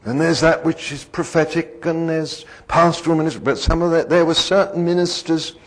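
A man's voice: a little high, steady tone, moderate pace. A man preaching a sermon in a conversational, digressive way, often putting questions to the congregation.

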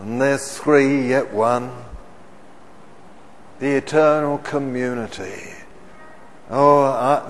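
Slow, booming preacher in a reverberant hall. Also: male voice, slight background noise. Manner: questions the congregation, swells loud on key words. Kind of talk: sermon.

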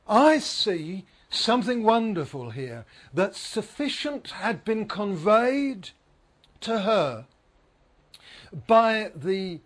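A man's voice: high voice, fairly bright tone, breathy edge. A man preaching a sermon. He is earnest, repeats phrases for emphasis and asks his listeners questions.

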